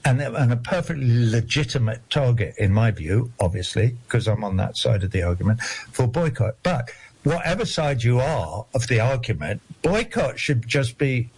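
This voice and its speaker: An older man, his voice a little husky, talks casually and in a roundabout way. He wanders off into asides and gets indignant, and his pitch swings a lot. It sits in a middling range for a man. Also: very animated, normal speed. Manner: rambling, digressive, indignant. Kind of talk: casual discussion.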